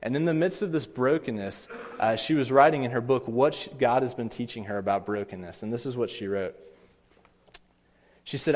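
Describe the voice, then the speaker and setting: A man's voice: mid-range voice, moderate pace. Earnest male pastor in a reverberant hall. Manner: earnest, rising to emphatic pleas in quoted lines. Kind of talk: sermon.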